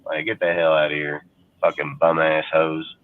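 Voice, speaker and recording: A man's voice: extremely low pitch, completely flat delivery, normal speed, dry recording. A man hosting a sports fan show, ranting angrily with crude, scornful talk. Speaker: sports podcast host. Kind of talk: profane fan rant. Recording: tinny phone-like sound.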